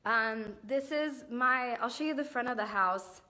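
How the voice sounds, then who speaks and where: A woman's voice: a little high, measured pace, heavy background noise. A young woman, a singer-songwriter, chatting casually on a live stream from her home, rambling and apologizing with lots of fillers and restarts, speaking into a handheld phone. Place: indoors and outdoors at a home. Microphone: phone held in hand.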